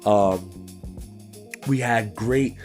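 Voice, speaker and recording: A man's voice: lowish voice, extremely slow, darkish tone, soft background music. A young man co-hosting a podcast, talking in a loose, rambling way, saying "bro" constantly and laughing often. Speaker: podcast co-host. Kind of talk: casual chat.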